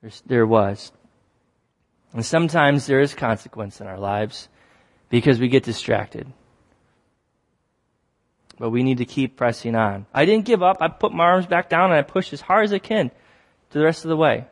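A man preaching a sermon, telling stories with lively acted-out exclamations and repeating key phrases for emphasis. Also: mid-range voice, moderate pace, pauses often. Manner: animated storytelling, acts out shouts and exclamations.

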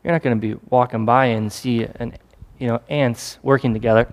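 Male preacher, mid-pitched, casual sermon delivery with acted asides, long hall reverb. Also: fairly even intonation, fairly quick, creaky.

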